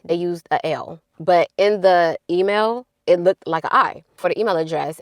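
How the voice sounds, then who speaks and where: Fast-talking low-voiced woman vlogger. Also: no echo, clean studio sound. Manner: animated, addresses viewers as y'all. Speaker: YouTuber. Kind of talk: casual storytelling vlog.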